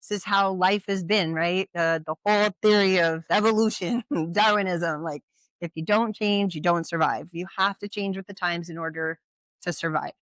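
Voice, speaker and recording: A presenter giving an informal educational talk at a community workshop. They speak conversationally, with frequent rhetorical questions and quick check-ins with the audience. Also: mid-range voice, fairly even intonation, fairly bright tone, no room sound. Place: community event at a brewery.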